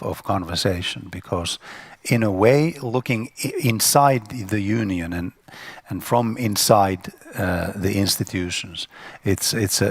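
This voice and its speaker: Low gravelly man speaking haltingly. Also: no echo. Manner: halting, repeats words. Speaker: panelist. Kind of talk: panel discussion.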